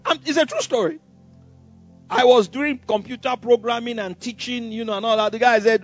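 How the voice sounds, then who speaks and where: A male pastor preaching an emphatic, animated sermon, laughing often. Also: very high-pitched, normal speed, muffled recording, soft background music.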